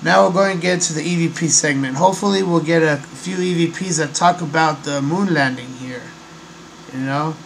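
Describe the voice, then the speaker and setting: Male host, slightly high voice, rambly and halting, faint hum behind. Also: gravelly, poor audio. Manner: rambling, hesitant, many fillers. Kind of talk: casual monologue.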